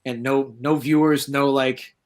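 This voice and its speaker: A middle-aged man from the northeastern United States tells his stories in a relaxed, anecdotal way. His voice sits at a moderate pitch. He becomes lively when he acts out the voices of people he quotes. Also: measured pace. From southeastern Massachusetts, USA. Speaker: guest paranormal researcher. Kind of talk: casual anecdotal storytelling.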